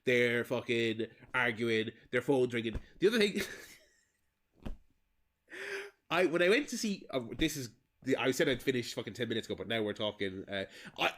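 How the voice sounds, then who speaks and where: Rambling Irish streamer with a lively voice. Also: male voice, mid-range voice, moderate pace. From Limerick, Ireland. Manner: rambling, swears freely, stumbles and restarts. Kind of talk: casual chat while livestreaming a game.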